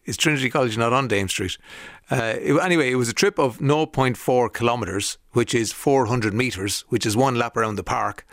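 A man's voice: medium pitch, fairly bright tone, no echo, clean studio sound. An Irish man presenting a radio show, chatting casually through anecdotes with frequent fillers and restarts.

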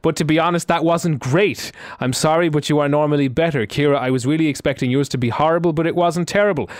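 A man's voice: a little high, fast talker, dry recording, studio quality. A man co-hosting a radio show, bantering and teasing with frequent laughs.

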